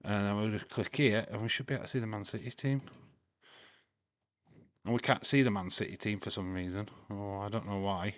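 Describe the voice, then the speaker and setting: A man's voice: on the low side, fairly even intonation, a little fast, no echo. A man hosting a casual live watch-along stream, chatting, reading out scores and lineups, swearing freely and laughing often.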